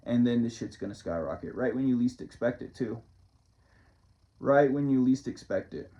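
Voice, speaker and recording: His voice sits at a medium pitch, expressive and mellow, moving at a normal speed. He's a motivational vlogger rambling casually at the camera, loose and profane, with frequent chuckles and plenty of swearing.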